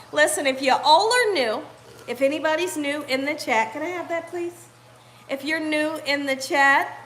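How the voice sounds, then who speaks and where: High bright-voiced woman hosting a live cooking stream. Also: slight background noise. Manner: chatty, greets viewers by name, laughs often. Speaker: cooking channel host. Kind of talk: live-stream chat with viewers. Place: home kitchen.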